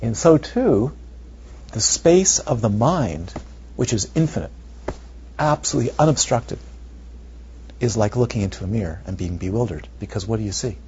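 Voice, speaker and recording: Man, meditation teacher, lowish voice, rhetorical questions, muffled lo-fi recording. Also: normal speed, pauses often. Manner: animated and rhetorical, dropping to near whispers. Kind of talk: dharma talk to retreat students. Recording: muffled lo-fi recording with faint noise.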